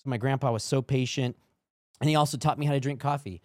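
A man's voice: mid-range voice, fairly even intonation, fast, no room sound. Middle-aged male podcast guest, earnest testimony storyteller, dry recording. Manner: earnest storytelling, acts out quoted dialogue. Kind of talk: testimony in casual chat.

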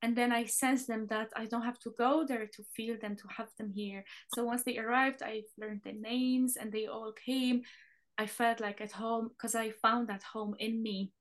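A woman's voice: a little high, steady tone, moderate pace. A woman co-hosting a podcast, telling childhood stories in a casual chat, acting out the voices of the people she quotes and laughing often. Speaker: podcast co-host.

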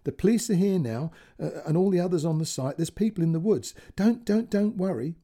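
A man's voice: high voice, lively intonation, mellow, voice pushed up. A man doing a tearful, frightened old dad. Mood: distraught. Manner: shaky, apologetic, halting speech. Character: frightened older father on the phone, tearful.

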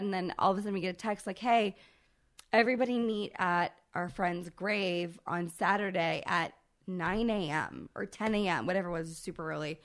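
A woman in her thirties, a podcast co-host, telling a long personal story in casual, profane, animated chat. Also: mid-range voice, fairly quick.

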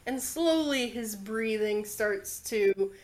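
A woman narrating as game master in a tabletop game, unhurried and often laughing. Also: on the high side, expressive, darkish tone.

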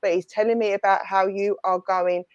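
A middle-aged woman from southern England, with a London and Essex accent, gives a chatty, rambling mediumship reading, passing on messages from spirit. Her mid-range voice is smooth and flat at a moderate pace, captured in a dry, lo-fi recording.

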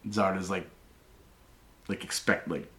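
Slow, bright-voiced man as game master. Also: sits low, steady tone. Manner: casual, lots of "like", laughs often. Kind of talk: narrating a tabletop game. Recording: roomy echo.

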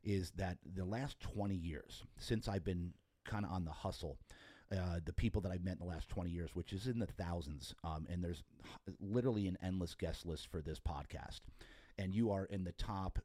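Deep-voiced, effusive podcast host. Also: male voice, normal speed, mellow, no room sound. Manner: rambling, enthusiastic, many restarts; effusive and talkative. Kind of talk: casual interview.

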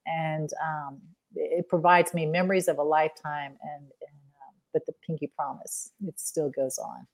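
A woman guest, a charity founder, telling an emotional personal story in a halting, soft-spoken way. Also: sits low, fairly even intonation, creaky.

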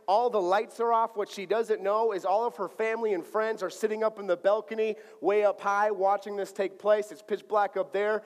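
A man with a high-pitched voice preaches from the pulpit, telling a story with playful energy and acting out each exchange. His voice rings through a big church sanctuary with a long trailing reverb. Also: normal speed, hardly any pauses. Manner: animated, acts out dialogue playfully. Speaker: pastor. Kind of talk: sermon with personal storytelling.

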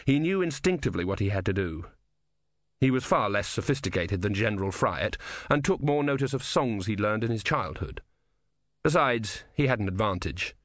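A man with a fairly low voice narrates an audiobook at normal speed, telling the story expressively in scripted narration. The sound is clean studio quality with no room sound.

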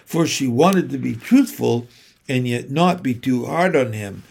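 A man reading a children's novel aloud in a measured, unhurried way. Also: medium pitch, expressive, creaky, darkish tone, breathy edge. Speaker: narrator. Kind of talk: audiobook reading.

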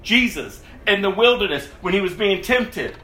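A man preaching a sermon as pastor, animated, laughing often and mimicking whiny voices. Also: high voice, normal speed, roomy sound, rough recording.

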